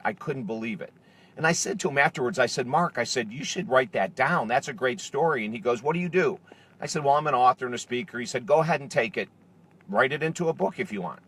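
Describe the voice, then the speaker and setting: Middle-aged male author, average-pitched voice, talking to camera with animated storytelling. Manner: animated, acts out quoted dialogue. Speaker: author and speaker. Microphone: camera facing speaker.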